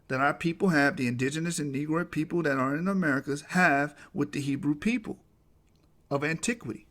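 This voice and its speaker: A man's voice: on the high side, a little fast, fairly bright tone. A man talking through a slide presentation, emphatic and often asking "right?" to the listener.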